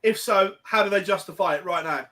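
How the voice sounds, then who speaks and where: A man's voice: high-pitched, fairly quick, bright, forceful tone. A man with an English accent hosting a casual chat, chatty and laughing often as he steers the topics. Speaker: podcast host. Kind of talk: casual banter.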